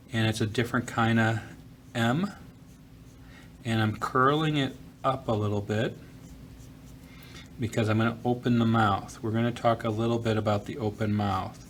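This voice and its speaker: A man teaching art, talking casually through a drawing tutorial from a school office, pausing with fillers as he works. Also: lowish voice, slight background noise. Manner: relaxed, talks while drawing, frequent fillers.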